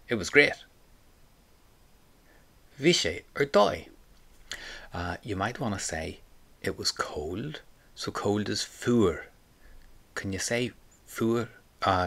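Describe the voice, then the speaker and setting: A man with a fairly low, fairly bright voice teaches an audio language lesson. He patiently prompts the listener and repeats phrases for them to say back.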